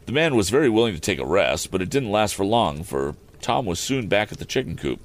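A man reading a storybook aloud in a relaxed way, with occasional slips and self-corrections. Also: fairly low pitch, fairly quick. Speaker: reader.

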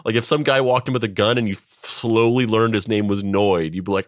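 A man with a low voice co-hosting a casual podcast, rambling and restarting as he laughs. He leaps up in pitch to act out quotes, and the recording sounds close and dry. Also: fairly even intonation, a little fast, few pauses, dry recording. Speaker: podcast co-host.

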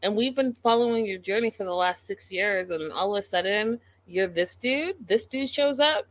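A woman's voice: mid-range voice, moderate pace, no room sound. A woman giving a casual commentary recap of a reality show in an exasperated, incredulous way, talking straight to the people on the show.

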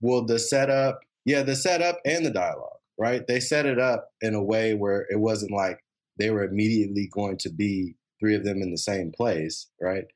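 A man's voice: on the low side, normal speed. A man co-hosting a podcast, chatting casually and rambling with many fillers about a TV show. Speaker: podcast co-host.

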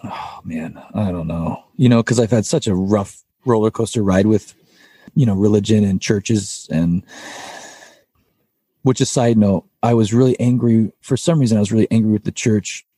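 A man with a low, mellow, slightly husky voice recounts a personal story as a podcast guest. His delivery is loose and rambling, full of filler words and casual swearing, and the recording is dry and close. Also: normal speed, no room sound. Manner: rambling, with frequent "like" and "you know" and casual swearing. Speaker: podcast guest, metal band vocalist.

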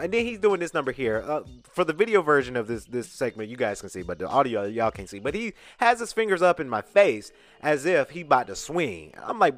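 Animated male podcast host telling a story. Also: medium pitch, fairly quick, hardly any pauses, faint music behind. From Atlanta, USA. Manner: animated, emphatic retelling with quoted dialogue. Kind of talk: casual storytelling.

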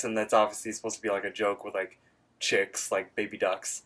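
A man's voice: fairly low pitch, level tone, normal speed, a bit bright. A man co-hosting a casual podcast, recapping a cartoon episode in a rambling, filler-heavy way and acting out character lines. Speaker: podcast co-host.

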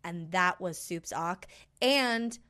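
A woman's voice: lowish voice, takes it slowly, sharp tone, smooth. A woman co-hosting a podcast, telling gossip in a casual chat with lots of "like" and "um". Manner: chatty, many fillers like "like".

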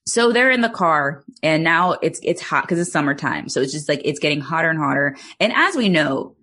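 A woman with a low, husky voice chats casually on a podcast. She recaps a film in a loose, rambling way, full of filler words and the odd swear. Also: animated, fairly quick, pushed and bright. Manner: chatty, many "like"s, swearing, laughs easily. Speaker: podcast co-host.

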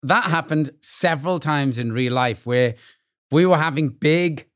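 A man's voice: fairly high pitch, measured pace. A man from Wales with a Welsh accent, a guest actor telling casual anecdotes and acting out bits of dialogue. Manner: animated anecdotes, acts out quoted exchanges. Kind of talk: casual conversational storytelling.

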